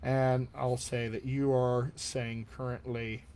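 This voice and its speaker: A man's voice: mid-range voice, little pitch movement, takes it slowly, a little mellow, a little hiss or hum. A middle-aged man teaching as a dialect coach in a live-streamed accent class, talking in an enthusiastic, conversational way with frequent asides.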